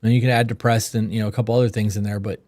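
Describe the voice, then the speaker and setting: A man's voice: lowish voice, little pitch movement, rapid-fire, a little mellow, no echo, studio quality. A man co-hosting a live podcast, talking frankly and swearing casually as he reads out viewer questions. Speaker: podcast co-host.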